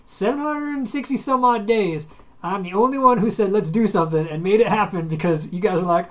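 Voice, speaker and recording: A man's voice: high voice, brisk. Joking man on a podcast. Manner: joking, laughs often, trails off mid-sentence. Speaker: podcast co-host. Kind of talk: casual chat.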